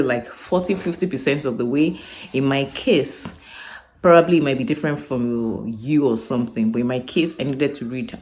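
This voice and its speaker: A woman's voice: rumbling low, a little mellow. Chatty Nigerian woman vlogging on the street. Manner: chatty, thinking aloud. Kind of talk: casual vlog to camera. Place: outdoors on a busy street, later at home. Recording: street traffic noise behind.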